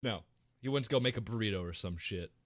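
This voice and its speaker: A man's voice: on the low side, quick pace, dry recording, clean studio sound. A young man co-hosting a podcast, telling a gaming story with a lot of swearing and acting out voices and gunfire. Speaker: podcast co-host. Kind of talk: casual gaming story chat.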